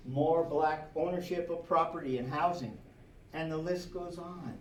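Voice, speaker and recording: A man lectures a history class in an animated way, tossing out rhetorical questions and little laughs. His voice sits a bit high. The recording comes from far across a reverberant classroom with a faint hiss beneath it. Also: unhurried. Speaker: history teacher.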